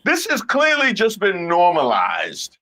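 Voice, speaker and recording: A woman's voice: on the low side, wildly swooping pitch, a little slow, fairly bright tone. A woman host, giving emphatic reaction commentary to her viewers and repeating her phrases. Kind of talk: reaction commentary on viral clips.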